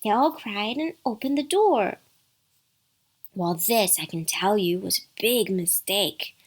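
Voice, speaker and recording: A woman's voice: medium pitch, lively intonation, takes it slowly. A woman narrating a bedtime story with playful asides to the listener.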